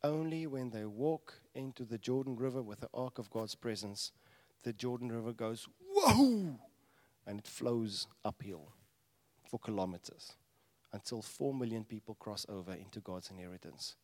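A man preaching a sermon, telling the story animatedly and acting out voices with sudden loud bursts. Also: fairly low pitch, normal speed. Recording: long reverb of a large hall.

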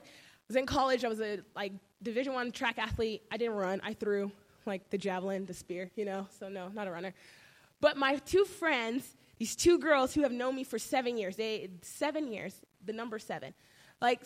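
A young woman giving an emotional personal faith testimony, telling her story animatedly with many fillers. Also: a little high. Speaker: testimony speaker.

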